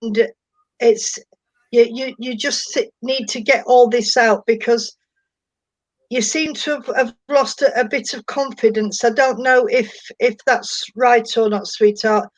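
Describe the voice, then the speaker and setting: A woman giving a gentle, halting spiritual reading, calling the listener sweetheart and darling. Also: a little high, fairly even intonation, no echo, low-quality recording. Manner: gentle, hesitant, endearing terms.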